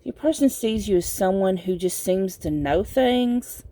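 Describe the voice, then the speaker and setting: A sleepy woman giving a casual pick-a-card tarot reading, talking in a slow, meandering way with lots of fillers. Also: medium pitch, lively intonation, dark tone. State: sleepy, yawning. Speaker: tarot reader.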